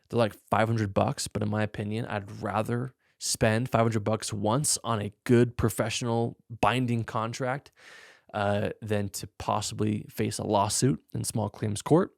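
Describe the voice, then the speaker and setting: A man's voice: no room sound, studio quality. A young man hosting a podcast, casually answering listener questions in a frank, laid-back way. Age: young adult. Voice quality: gravelly low voice. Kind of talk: casual Q&A chat.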